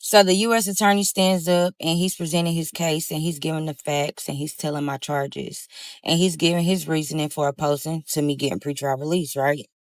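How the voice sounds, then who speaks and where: A woman's voice: deep voice, fairly even intonation, brisk, dry recording. A young woman recounting her own story time, talking animatedly and addressing listeners as y'all.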